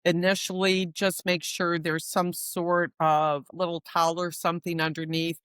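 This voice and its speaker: Woman guest explaining dog feeding, measured, smooth lowish voice, dry sound. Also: little pitch movement, fairly bright tone, no room sound. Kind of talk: podcast interview answers.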